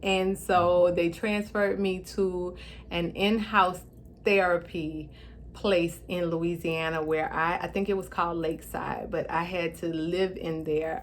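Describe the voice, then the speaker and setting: A woman's voice: fairly low pitch, a little hiss or hum. A woman telling her own story in a heartfelt, tearful way, her speech slightly affected by a stroke. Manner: tearful, heartfelt, pauses to steady herself. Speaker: vlogger. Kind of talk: emotional personal storytelling.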